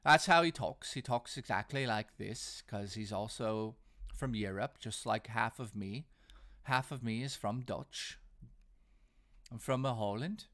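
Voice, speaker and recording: A man hosting a casual live stream from home, talking in an animated, ranting way while reading out chat messages and thanking supporters. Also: on the low side, a little slow. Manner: animated, ranting, bursts of laughter. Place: home living room.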